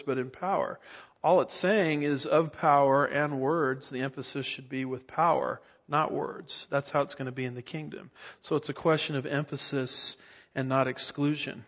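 A man's voice: medium pitch, fairly bright tone, in a large hall, highs cut off. A middle-aged man preaching an expository sermon, emphatic and often asking his listeners rhetorical questions. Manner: emphatic teacher, asks the congregation rhetorical questions. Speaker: pastor.

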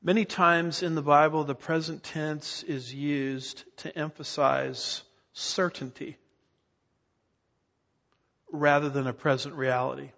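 Middle-aged male pastor, emphatic teaching sermon, raised pitch, muffled reverberant church recording. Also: steady tone, takes it slowly, creaky, a bit bright. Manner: emphatic teacher, asks the congregation rhetorical questions. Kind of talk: expository sermon.

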